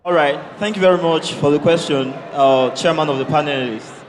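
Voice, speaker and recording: Young candidate declaiming. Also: male voice, a little high, normal speed. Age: young adult. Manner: rousing, declaiming to a crowd. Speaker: student election candidate. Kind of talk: campaign speech. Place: large hall with a student crowd. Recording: reverberant hall with crowd noise.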